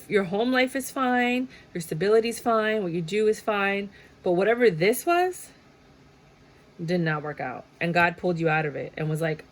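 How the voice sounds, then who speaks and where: Chatty woman reading tarot cards. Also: mid-range voice. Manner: chatty, laughs often, acts out quotes. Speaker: tarot reader.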